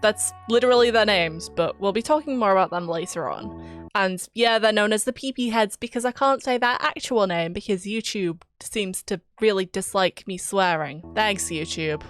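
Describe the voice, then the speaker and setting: A woman's voice: medium pitch, moderate pace, dry recording, faint music behind. A young British woman with a British accent narrating a video essay about a game in a chatty, giggly, self-deprecating way. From Britain. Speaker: YouTuber.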